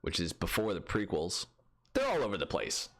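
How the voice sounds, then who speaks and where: A man's voice: low voice, huge pitch swings, moderate pace, fairly bright tone. A man co-hosting a podcast in casual chat, playful and riffing on silly jokes. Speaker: podcast co-host.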